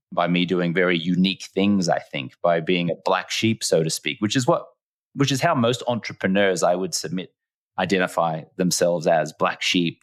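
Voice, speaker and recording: Man, Australian accent, very deep voice, earnest, emphatic, reflective interview guest. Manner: earnest and emphatic, repeats phrases for effect. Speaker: podcast guest. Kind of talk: reflective storytelling in conversation.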